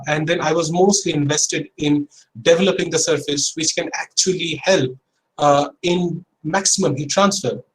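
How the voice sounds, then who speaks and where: Thirties male lecturer, pitched a bit high, earnest and anecdotal, rephrases as he goes. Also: slight background noise, low-quality recording. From India. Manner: earnest, storytelling, self-correcting mid-sentence. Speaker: guest lecturer. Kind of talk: conversational online lecture, personal anecdote.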